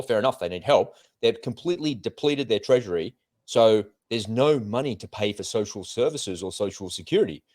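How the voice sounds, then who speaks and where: Deep-voiced man co-hosting a political show, worked up and ranting. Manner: animated, indignant, rapid asides. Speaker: co-host. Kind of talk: political commentary chat.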